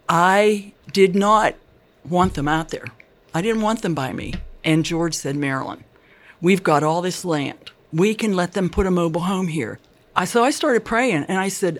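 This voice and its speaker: An older woman recounts her life in an interview. She talks in an earnest, chatty way and acts out the dialogue of the people in her stories. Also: on the low side. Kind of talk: personal life story.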